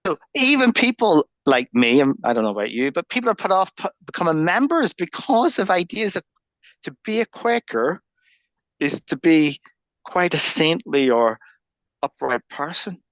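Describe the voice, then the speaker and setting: A man's voice: fairly high pitch, expressive, moderate pace, a bit bright, no echo, muffled recording. A man, a podcast guest who muses and thinks aloud in reflective conversation. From Northern Ireland.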